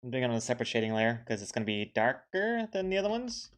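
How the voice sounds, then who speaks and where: A man's voice: medium pitch, sing-song. Chatty self-deprecating man streaming. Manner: chatty, self-deprecating, talks to viewers in the chat; quick rambling bursts with many fillers. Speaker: comic artist streaming his drawing. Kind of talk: casual live-stream chat while drawing.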